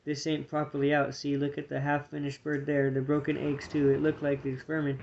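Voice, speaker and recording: A man voicing a steady male warrior squirrel who leads with calm, plain commands, reading a storybook aloud. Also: on the high side, a little fast, vocal fry, highs cut off, a little hiss or hum.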